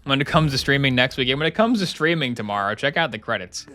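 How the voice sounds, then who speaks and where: A man's voice: mid-range voice, lively intonation, fast, sharp tone, faint music behind. A man casually chatting on a live stream while playing a game, rambling and sarcastic, often slipping into mock voices.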